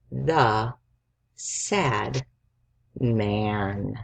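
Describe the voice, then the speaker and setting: A man's voice: medium pitch, takes it slowly, vocal fry, slightly rough. A male teacher giving a spelling lesson to young children, dictating words and patiently sounding out each letter.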